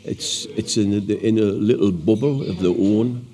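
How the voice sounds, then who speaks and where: A man's voice: lowish voice, normal speed, dark tone. A man in his seventies, a pensioner, gives plainspoken opinions in a street interview outdoors on a hill pass. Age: 70s.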